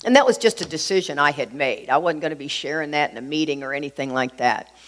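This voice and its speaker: A woman's voice: deep voice, quick pace. Middle-aged woman, earnest storyteller, chatty with lots of fillers, sharing her recovery story. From Houston, Texas. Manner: heartfelt, earnest, conversational with many fillers. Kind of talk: personal storytelling talk.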